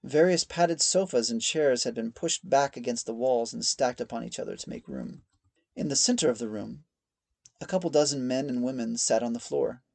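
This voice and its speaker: A man narrating a fantasy audiobook in a measured storytelling reading on a close mic. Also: medium pitch, vocal fry, a little mellow, dry recording. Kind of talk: scripted narration.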